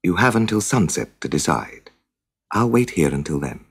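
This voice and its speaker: A man plays a cool, mysterious storybook stranger who speaks in short, measured lines through thin lips. His voice sits a little above the narrator's low, gravelly tone and keeps a raspy edge. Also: big pitch swings, heavily acted.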